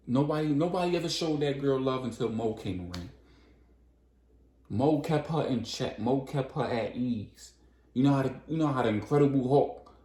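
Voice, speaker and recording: A man's voice: mid-range voice, a little mellow, roomy sound. A man casually recapping a story, in loose, slangy conversational talk.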